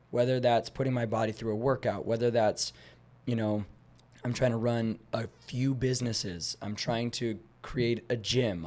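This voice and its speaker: A young man talking as a guest on a podcast, animated as he tells stories and acts out conversations, rambling a little with restarts. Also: mid-range voice. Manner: animated storyteller, acts out dialogue; rambling with frequent restarts and fillers. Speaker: guest, fitness instructor.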